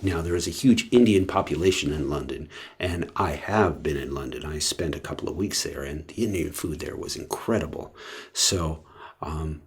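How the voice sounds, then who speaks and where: A man with a deep, somewhat husky voice talks casually to the camera. He rambles along, stopping often for ums and uhs and starting his sentences over. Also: moderate pace. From West Coast of the US. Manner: rambling, with many fillers and restarts. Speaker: vlogger.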